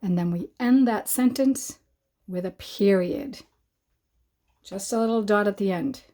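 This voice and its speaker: Woman teacher doing a writing lesson for little kids, slow careful dictation, warm mellow voice. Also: medium pitch. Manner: slow, clear dictation for young learners.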